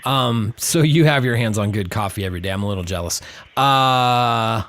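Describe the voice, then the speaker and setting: A man's voice: mid-range voice, moderate pace, fairly bright tone. A man hosting a casual podcast, upbeat and joking as he runs the chat. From Pacific Northwest. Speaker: podcast host.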